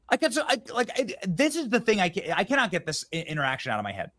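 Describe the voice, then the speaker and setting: A man giving heated political commentary, indignant and quick to hurl insults, often restarting his sentences. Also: high voice, huge pitch swings, fairly bright tone. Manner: indignant, name-calling, many restarts.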